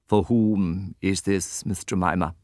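The imperious old head of a girls' school, cold and formal, each word stately and clipped, as a man reads her in an audiobook. The voice sits low and rises and falls a great deal. The sound is dry and close. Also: sing-song, moderate pace, a bit bright, dry recording. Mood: icy. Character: stern, haughty elderly schoolmistress. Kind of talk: audiobook character voice.

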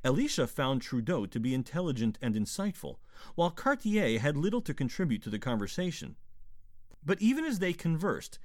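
A man's voice: fairly high pitch, darkish tone, no echo. Guy narrating an audiobook, voice swings up and down a lot, dry close mic. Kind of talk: scripted narration.

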